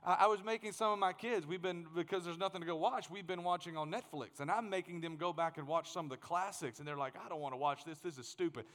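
A man in his thirties delivers a sermon with a fairly high voice, lively and playful, stumbling over repeated words as he builds up. The sound carries a long reverb, as if recorded in a large church hall. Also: fast, few pauses. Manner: animated, joking, repeats words when he starts a thought. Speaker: pastor.

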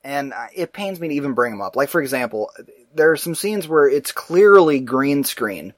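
A man chatting casually about a film he watched, rambling, animated and quick to act out his own confused reactions. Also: medium pitch, no echo. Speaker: movie reviewer. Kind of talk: casual movie review chat.

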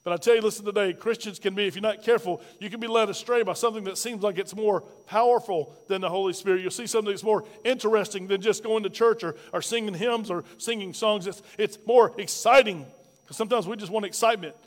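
A man's voice: high voice, quick pace, big-room sound. A male pastor preaching a sermon, asking the congregation rhetorical questions and telling a personal story.

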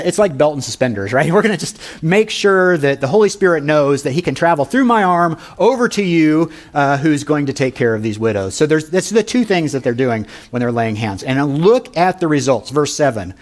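A male pastor preaching a sermon in a conversational, storytelling way, leaning into key words with rising emphasis. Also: a little high.

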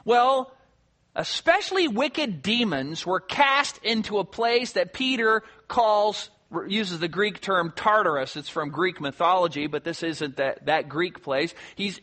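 A man preaching an earnest sermon, walking through scripture verses and dropping to a hushed voice for emphasis. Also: high-pitched, unhurried. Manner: earnest expository preaching, quoting scripture, drops quiet for emphasis. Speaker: pastor.

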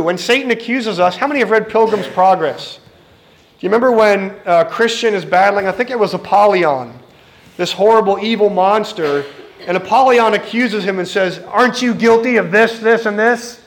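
A man's voice: high-pitched, normal speed. A middle-aged man preaching a sermon in an earnest, direct way, speaking to the congregation and acting out the voices he quotes.

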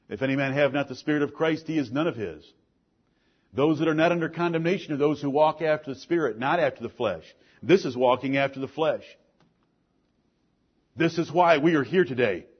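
A man preaching a sermon with force, asking pointed questions and swinging between loud and low lines. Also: husky, muffled recording. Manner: forceful preaching, rises and drops sharply, rhetorical questions. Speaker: pastor.

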